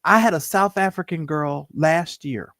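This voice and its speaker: A woman co-hosting a casual talk show, telling stories with animated emphasis. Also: deep voice, unhurried, no echo, studio quality. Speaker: co-host. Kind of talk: casual chat.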